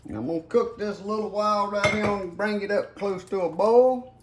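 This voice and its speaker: An older man with a drawl and a fairly high voice talks through a home cooking demonstration. He keeps it folksy and addresses his viewers directly. A faint sizzle of frying and pots clatters behind him. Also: fairly quick, background noise. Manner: folksy, talks to viewers as "guys" while working. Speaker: home cook. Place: home kitchen.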